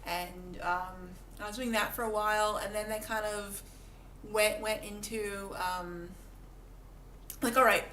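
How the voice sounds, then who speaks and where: A woman's voice: mid-range voice, fairly even intonation, fairly bright tone. Chatty woman vlogger, echoey room. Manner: chatty, self-mocking, acts out little voices for animals; halting, repeats words. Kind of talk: casual talk to camera. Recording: echoey room, faint background noise.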